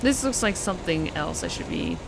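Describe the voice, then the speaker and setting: A woman's voice: deep voice, wildly swooping pitch, fairly quick, vocal fry, noisy background. A woman streamer chatting casually through live gameplay, thanking viewers by name. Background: music.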